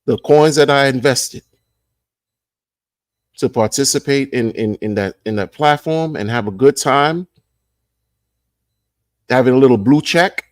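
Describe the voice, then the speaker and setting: A man's voice: mid-range voice, a little mellow, dry recording, clean studio sound. A man hosting a casual livestream, rambling and repeating himself as he reads the chat. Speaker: livestream host.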